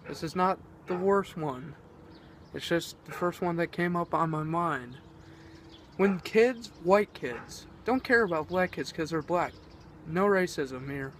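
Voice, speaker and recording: A man's voice: high-pitched, fairly bright tone, a little hiss or hum. A teenage boy vlogging, rambling and exasperated as he rants, swearing often. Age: teens. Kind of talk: ranting vlog.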